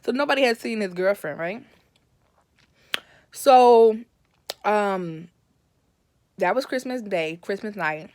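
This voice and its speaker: A woman's voice: mid-range voice, expressive, slow, pauses often, a little mellow, no room sound. A woman telling a personal story in a casual, rambling way, often correcting herself and livening up when she quotes her family. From Brooklyn, New York.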